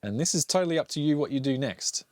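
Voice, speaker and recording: A man's voice: on the high side, lively intonation, quick pace, a little mellow, dry recording, clean studio sound. A man hosting a casual drawing tutorial with his child, upbeat, chatty and encouraging. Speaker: art tutorial host and dad.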